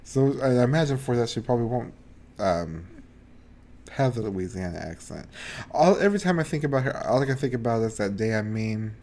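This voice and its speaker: A man chatting casually on a podcast, excitable, swearing often and laughing a lot. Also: mid-range voice, brisk. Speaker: podcast co-host. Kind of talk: casual chat.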